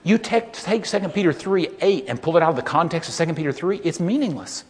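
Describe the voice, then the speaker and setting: A man giving a sermon-style Bible lecture, telling stories emphatically and building to loud peaks. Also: on the high side, lively intonation, quick pace. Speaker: lecturer, preacher. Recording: long hall reverb.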